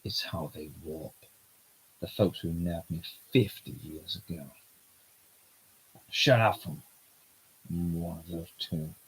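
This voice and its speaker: A man voicing a gruff, cocky, lecherous immortal man in a low, quiet growl. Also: fairly even intonation, slow pace, long pauses, full character voice, rough recording. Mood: smug.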